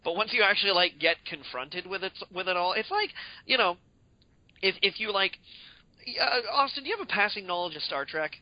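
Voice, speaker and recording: A man's voice: sits high, animated, fairly quick, dry recording, dull audio. A man co-hosting a casual video game podcast, rambling with many fillers and joking rants. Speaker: podcast co-host. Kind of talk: casual chat about video games.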